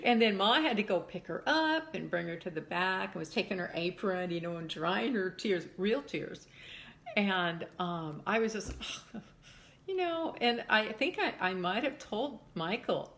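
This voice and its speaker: An older woman, a mother, reminiscing in an interview with lively storytelling that acts out voices. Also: mid-range voice, normal speed. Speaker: mother of a former child actor. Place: home in Texas.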